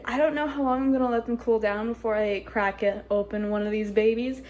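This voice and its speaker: Excitable woman baking in an echoey kitchen. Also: fairly high pitch, fairly quick. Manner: excitable, swears freely, laughs often. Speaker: baking vlogger. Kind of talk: casual cooking vlog chat. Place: home kitchen.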